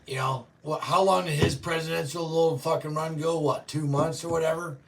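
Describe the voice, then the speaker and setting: A man hosting a show, ranting profanely and yelling often, reacting to live chat. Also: a little high, steady tone, a little fast, creaky, recorded from a distance. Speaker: show host. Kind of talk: political rant to live chat.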